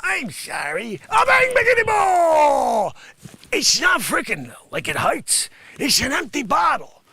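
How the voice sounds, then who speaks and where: A blustering loudmouth at a coffee counter, put on by a man. His voice is high, bright and gravelly, with a husky edge. It lurches from grumbling under his breath to full-throated yelling. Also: huge pitch swings, a little slow, a little hiss or hum, heavily acted. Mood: shouting. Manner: brash, blustering, swings from muttering to shouting.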